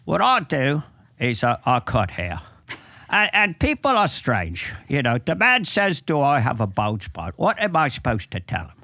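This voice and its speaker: A man impersonating a grumpy ninety-year-old male barber, talking slowly and gruffly. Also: medium pitch, huge pitch swings, sharp tone, no room sound, studio quality, full character voice. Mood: grumbling. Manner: slow, gruff, swearing.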